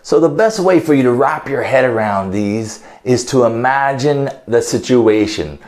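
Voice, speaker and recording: An American man teaching English in a video lesson, his pitch rising and falling in a lively way. He explains phrasal verbs one at a time, switches to Portuguese now and then, and acts out bits of phone calls to show how they are used. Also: unhurried. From United States.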